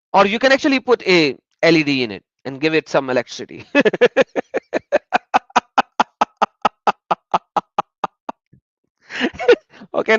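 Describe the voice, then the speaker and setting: A man giving sarcastic video commentary as an online religion critic, mocking and swinging between loud exclaiming and muttering. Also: a little high, dry recording, lo-fi sound.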